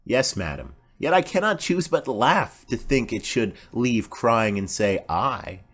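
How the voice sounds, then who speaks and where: A man's voice: mid-range voice, expressive, a little slow, a bit bright, breathy edge. A man voicing a chatty, rambling old female nurse in an audiobook play reading. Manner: rambling, garrulous.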